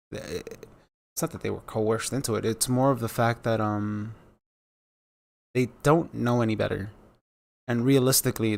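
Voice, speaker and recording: A man's voice: medium pitch, gravelly. A man giving casual, rambling commentary on news clips, with many fillers and sarcastic asides.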